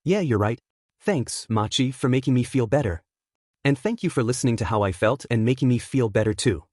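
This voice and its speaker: A man's voice: medium pitch, lively intonation, a little fast, darkish tone, no echo, clean studio sound, natural voice. A man voicing an earnest teenage boy hero who blames himself, in a raised, emotional delivery.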